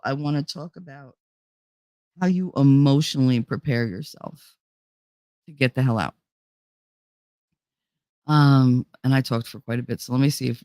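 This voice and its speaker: A woman's voice: very deep voice, vocal fry, darkish tone, no room sound, studio quality. A woman hosting a casual livestream and reading viewer chat. She talks bluntly, swears a lot and laughs often. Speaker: livestream host.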